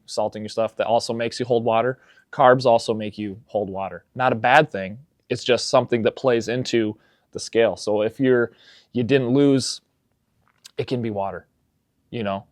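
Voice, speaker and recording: A young adult man talks fitness in a relaxed podcast chat, his voice at an everyday middle pitch. He tells stories with animated energy and gets loud when excited. The sound is dry and close, with no room echo. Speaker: fitness coach.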